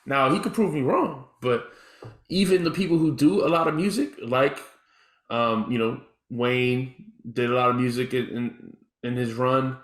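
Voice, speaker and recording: A man's voice: mid-range voice, measured pace. Hesitant man in an echoey room. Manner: hesitant, many stammered restarts. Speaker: podcast co-host. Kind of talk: casual chat.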